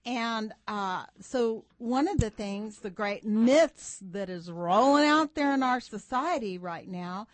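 A woman hosting a faith-based talk show, steering the conversation in a relaxed way with frequent fillers. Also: fairly high pitch, slow, few pauses, dry recording.

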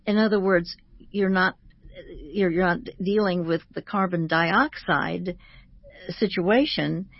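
A woman who is a Christian author, speaking as a guest on a radio talk show in a measured, teaching manner and slowing down to stress each word. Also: lowish voice, no room sound, dull audio.

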